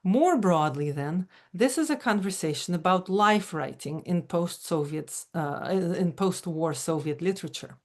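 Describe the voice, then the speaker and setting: A woman giving a prepared academic lecture, measured and careful, with occasional fillers and self-corrections. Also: fairly low pitch, lively intonation. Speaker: academic speaker.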